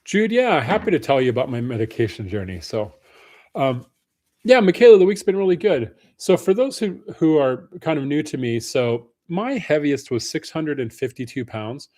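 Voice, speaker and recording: A man's voice: on the high side, very animated, moderate pace, darkish tone. A man hosting a casual live stream Q&A, greeting viewers by name in a friendly way. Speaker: livestream host.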